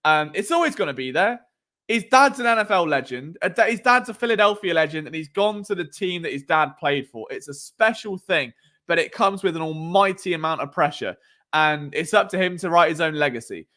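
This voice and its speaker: A man in his late twenties hosts a casual sports live stream from home at night, reading comments in a slightly high, expressive, sharp-toned voice at a fairly quick pace. This sports podcast host is chatty and jokey, often trips over names, and lives below noisy neighbours.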